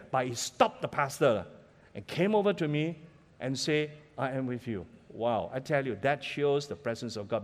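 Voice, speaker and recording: A man's voice: sits high, in a large hall. A man with a Malaysian English accent, preaching a sermon as pastor and often asking the congregation questions.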